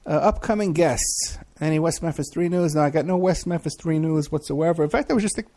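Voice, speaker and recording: Gravelly middle-aged male podcast host. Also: on the high side, fairly quick, warm tone. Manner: rambling, loose, many fillers and restarts. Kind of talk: casual live-show chat, reading chat questions.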